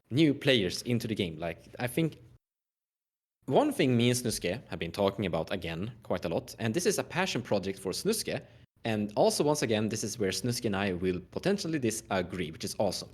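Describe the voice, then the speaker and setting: A man's voice: on the low side, very animated, brisk, breathy edge. A man with a Swedish accent in a casual podcast chat, steering the topic and cutting in to explain. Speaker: podcast guest, Commander player.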